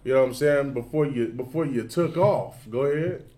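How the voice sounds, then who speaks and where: A man's voice: mid-range voice, fairly quick, warm tone. A man explaining scripture in a casual bible study, with loose slang and frequent "you know what I'm saying". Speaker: bible class teacher.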